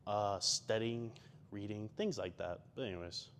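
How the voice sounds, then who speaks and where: A man's voice: fairly low pitch, unhurried, a bit bright, slight background noise. Young guy talkin between sets at the gym, rambly, lots of like and you know, pokes fun at himself. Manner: rambling, full of fillers, self-deprecating. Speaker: gym vlogger.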